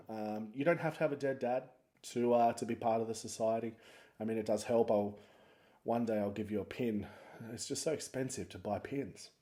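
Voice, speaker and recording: A man's voice: medium pitch, mellow. A man hosting a podcast, chatting casually in a rambling, jokey, self-mocking way. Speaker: podcast host. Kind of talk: casual podcast intro chat.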